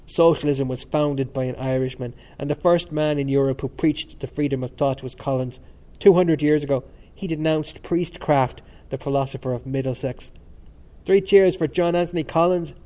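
A man reading the lines of an excitable young male student with an indistinct, bleating voice and loud, eager exclamations. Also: mid-range voice, normal speed, hardly any pauses, close to an everyday voice. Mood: excited.

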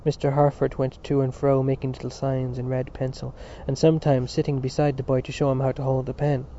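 A man's voice: mid-range voice, level tone, fairly quick, warm tone, highs cut off, a little hiss or hum. A man reading a novel aloud as scripted narration, with a few slips and restarts. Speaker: audiobook reader.

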